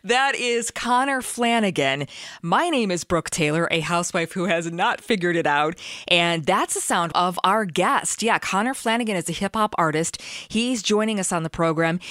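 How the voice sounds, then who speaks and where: A woman's voice: fairly low pitch, a bit bright, no room sound, studio quality. A woman hosting a faith-based radio show in a chatty, upbeat way, laughing easily as she talks to listeners. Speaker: podcast host.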